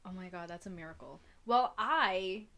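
A teenage girl in casual chat, reacting with exclamations and quick replies. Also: on the low side, a bit bright.

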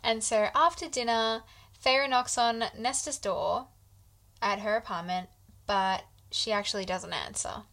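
Woman, fairly high pitch, casual book talk, agreeable, joking. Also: measured pace, a bit bright. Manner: agreeable, laughs along, adds jokes. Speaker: book podcast co-host. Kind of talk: casual chat about a book.

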